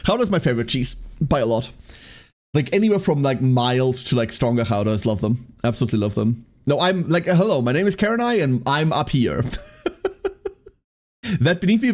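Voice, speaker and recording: A man's voice: mid-range voice, very animated, moderate pace, a little mellow. A man streaming live, chatting casually with his chat, rambling and often breaking into laughter.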